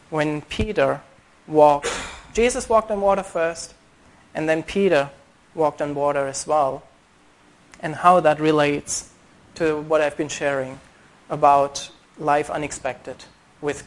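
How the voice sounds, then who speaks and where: A man preaching a sermon, earnest, reading scripture aloud and slowing down to stress key words. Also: fairly high pitch. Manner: reads scripture aloud in old-style wording.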